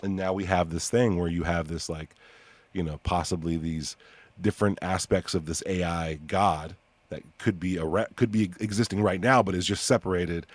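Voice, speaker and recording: A young man hosting a podcast in casual chat, rambling through ideas with many fillers and sudden excited bursts. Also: sits low, normal speed, dry recording. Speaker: podcast host.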